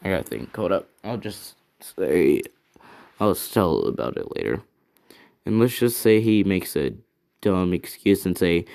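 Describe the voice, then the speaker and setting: Low, gravelly young-sounding man rambling. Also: lively intonation, measured pace, a little mellow. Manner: rambling, thinks aloud, corrects himself often. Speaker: fan-fiction storyteller. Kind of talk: improvised casual storytelling.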